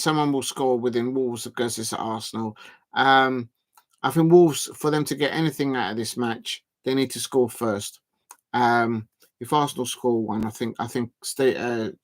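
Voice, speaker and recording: A man hosting a live football watch-along, talking in a loose, rambling way at an ordinary middle pitch. He stretches his words out slowly while he types into the chat, and his chat keeps drifting from one point to the next.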